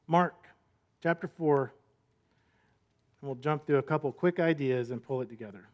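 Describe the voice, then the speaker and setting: A man's voice: medium pitch, normal speed, lo-fi sound. A male pastor giving a sermon in a conversational, storytelling way, full of rhetorical questions.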